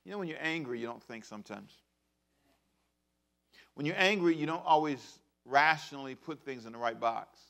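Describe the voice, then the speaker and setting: A man in his fifties preaching a sermon as pastor, swinging between loud bursts and hushed asides. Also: on the high side, expressive, normal speed, vocal fry, long pauses. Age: 50s.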